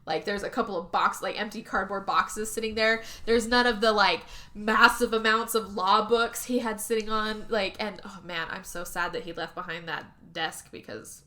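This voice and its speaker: A woman's voice: medium pitch, normal speed, few pauses. A woman co-hosting a podcast, recapping a movie in casual chat and acting out the characters as she goes. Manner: animated retelling, acting out characters with swearing and laughs. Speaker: podcast co-host.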